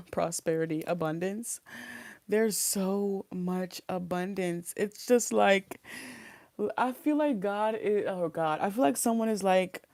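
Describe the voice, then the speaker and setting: In a dry recording, a woman with a mid-range, darkish voice speaks slowly as she gives a casual tarot reading. Her spiritual monologue is rambling and giggly, full of fillers and restarts, and she talks around a sore wisdom tooth.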